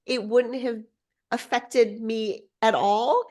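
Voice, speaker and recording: A bubbly, excitable woman telling a story as a podcast guest. Her voice sits a little high and keeps leaping up and down as she gets swept along. She trips over her words, restarts, and keeps going. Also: takes it slowly. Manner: lively swings in pitch. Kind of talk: casual storytelling.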